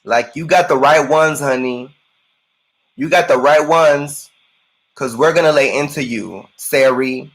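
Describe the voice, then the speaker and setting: A man's voice: mid-range voice, a little slow, fairly bright tone, husky, rough recording. A man co-hosting a sassy reaction commentary, campy, profane and emphatic. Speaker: co-host.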